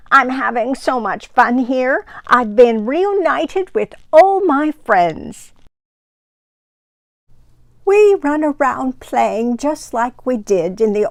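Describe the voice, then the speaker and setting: A woman's voice: on the high side, no room sound. A woman voicing a cheerful, loving grandmother in a storybook, reassuring her grandson.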